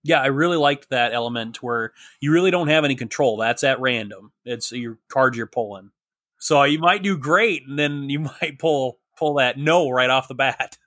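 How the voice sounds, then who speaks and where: A man's voice: medium pitch, normal speed, a bit bright, no room sound, clean studio sound. A man interviewing guests in a casual chat, asking friendly, curious questions.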